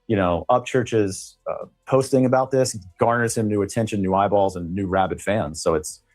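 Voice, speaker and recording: A man's voice: fairly low pitch, moderate pace, darkish tone, no echo, soft background music. A man, an attorney, explaining a case in a long-winded interview conversation. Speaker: attorney guest.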